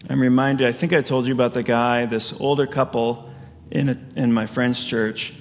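A man's voice: mid-range voice, level tone, normal speed. A man preaching a sermon as a pastor, telling stories in a loose conversational way with frequent chuckles. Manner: conversational storytelling with frequent laughs. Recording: long reverb of a large hall.

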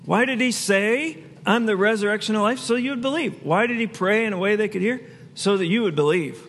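A man's voice: high voice, a little fast, fairly bright tone, slightly rough, long reverb tail. A man preaching a sermon as pastor, in a conversational way with asides he laughs at himself.

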